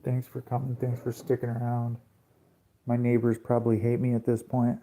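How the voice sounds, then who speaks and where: A man's voice: mid-range voice, monotone, normal speed, warm tone, a little hiss or hum. A man ranting on a late-night livestream, confrontational and preachy, firing off rhetorical questions and swearing freely. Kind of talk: late-night rant to a live audience. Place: at home at night.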